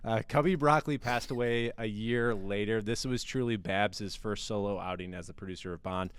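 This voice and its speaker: Low, smooth-voiced male podcast host. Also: moderate pace, no room sound. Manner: playful, animated, jokey. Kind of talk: casual podcast chat with mock ad reads.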